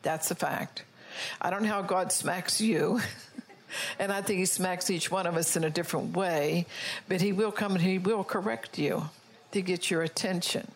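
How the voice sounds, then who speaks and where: Her fairly low-pitched voice carries an emphatic, scolding sermon. She prompts the congregation to agree and eases her pace for passages of quoted scripture.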